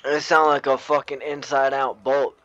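A man's voice: mid-range voice, flat delivery, normal speed, a bit bright, no room sound, lo-fi sound. A young man in casual gaming chat, laid-back and swearing a lot, talking into a headset. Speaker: gamer.

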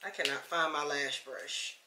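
A woman's voice: low voice, steady tone, a little slow, noisy background. A woman vlogging at home in a casual, chatty way, talking straight to her viewers. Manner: chatty and easygoing, calls the viewer "child". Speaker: lifestyle vlogger. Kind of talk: casual chat to camera. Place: home, indoors. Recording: echoey room.

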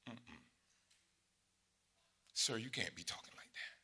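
A pastor in his sixties preaching a sermon in a conversational way, dropping to quiet asides and rising to loud, high exclamations. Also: lively intonation, slow, gravelly, breathy edge. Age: 60s.

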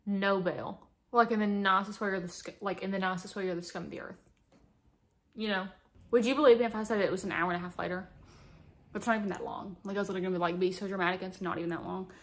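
A woman's voice: medium pitch, fairly even intonation, fast. Young woman, beauty vlogger, chatty, dramatic, playful exaggeration, casual, close camera mic. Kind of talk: casual makeup vlog.

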